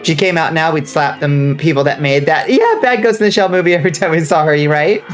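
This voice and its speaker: A woman's voice: deep voice, a little fast, faint music behind. A woman streamer chatting casually with her viewers, joking, laughing often and answering chat. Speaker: vtuber streamer.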